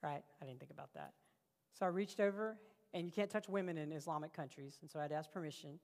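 A man preaching a sermon, telling stories with passion and swinging between loud bursts and hushed lines. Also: a little high, fast talker, gravelly. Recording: long reverb of a large hall.

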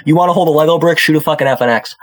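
A man's voice: on the high side, very fast. A man from New York, ranting in profane bursts, stammering as he goes. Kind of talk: crude casual chat.

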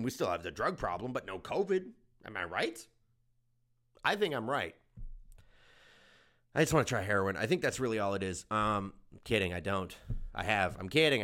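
A man's voice: mid-range voice, a bit bright. A young adult man from Germany hosting a comedy podcast, riffing crudely and sarcastically. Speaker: podcast host.

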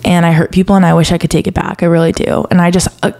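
A woman's voice: lowish voice, little pitch movement, racing, warm tone. Young woman on her podcast, earnest confessional faith talk, gets a bit emotional. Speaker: podcast host.

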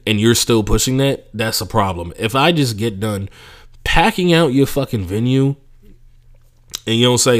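A young adult man, a stand-up comedian hosting a podcast, tells comedy stories in a casual, profane monologue, animatedly mocking the people he imitates. He speaks at medium pitch and normal speed.

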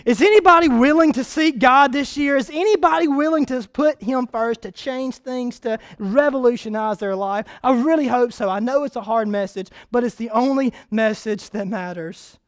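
A man preaching a sermon to his church, swinging from loud shouted peaks to a soft, quiet prayer. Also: very high voice, normal speed, clean tone, no room sound. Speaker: pastor. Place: church sanctuary.

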